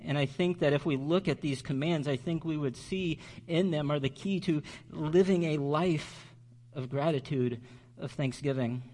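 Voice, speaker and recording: A man preaching a sermon as pastor, earnest and slowing down on key words for emphasis. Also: fairly high pitch, warm tone.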